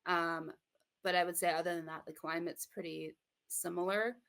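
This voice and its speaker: Gravelly-voiced midwestern american woman. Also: lowish voice, little pitch movement, moderate pace, fairly bright tone. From Michigan, USA. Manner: thoughtful, hesitant, many fillers and restarts. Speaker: interview guest. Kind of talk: casual interview talk.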